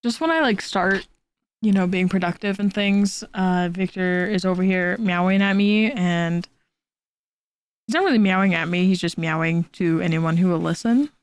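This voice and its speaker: A woman's voice: on the low side, normal speed, clear, resonant tone. A young woman streaming from home, chatting casually while she draws, rambling and teasing herself, and talking to her cat. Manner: rambling, self-deprecating, talks to her cat. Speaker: art streamer.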